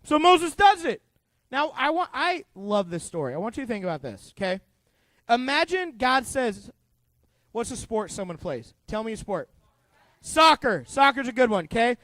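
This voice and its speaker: A man's voice: extremely high pitch, moderate pace, no echo. A man teaching a youth group Bible lesson as youth pastor, joking and quizzing the kids as he goes. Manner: animated, full of asides.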